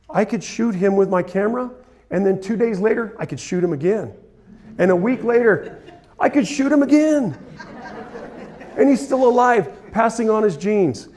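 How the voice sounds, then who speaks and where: A man's voice: high-pitched, gravelly, darkish tone. A man in his forties, a photographer giving a conference talk, telling personal stories in an earnest, emotional way. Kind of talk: storytelling presentation. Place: conference hall.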